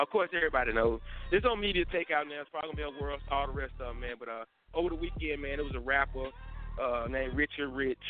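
A man hosting a live morning web show, telling a story in a casual monologue, animated and full of slang, often asking "you feel me". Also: mid-range voice. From Durham, North Carolina. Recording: tinny phone-like audio with faint music.

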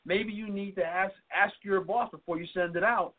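A man with a high voice co-hosting a relaxed self-help chat. He thinks out loud and lays out advice one step at a time. The audio is narrow and tinny, as if heard over a phone. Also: moderate pace. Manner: thinks aloud with fillers, gives step-by-step advice.

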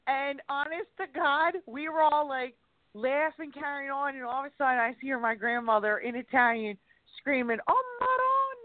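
A woman co-hosting a casual radio chat, telling animated stories full of exclamations and laughter. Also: high voice, moderate pace, no room sound. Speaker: co-host. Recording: tinny phone-like line, dry.

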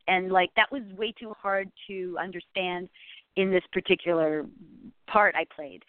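A woman's voice: medium pitch, moderate pace, no room sound. A woman, an actress and guest, chatting in a call-in interview, talking freely with many fillers and restarts. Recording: dry tinny phone line.

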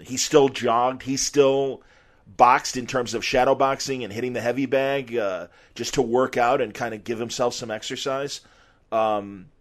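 A middle-aged man, a podcast host, telling an anecdote in an animated, casual way and acting out quotes. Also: medium pitch. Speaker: podcast host and former sports reporter.

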